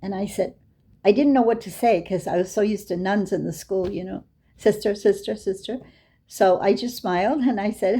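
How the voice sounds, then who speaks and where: A woman's voice: medium pitch, moderate pace, mellow, husky. An older woman giving a storytelling lecture, recounting anecdotes and acting out the dialogue in her own voice. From Boston area, USA. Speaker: Islamic lecturer.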